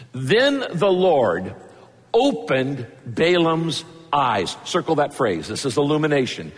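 A man preaching a sermon in a big reverberant hall. He retells the story with energy, voicing each character's lines. His voice sits a bit high. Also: a bit bright. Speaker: pastor.

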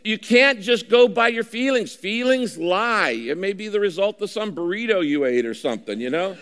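A man preaching a sermon, emphatic, repeating key phrases and slowing down to read scripture. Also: sits high, expressive, a bit bright, smooth, big-room sound. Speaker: pastor.

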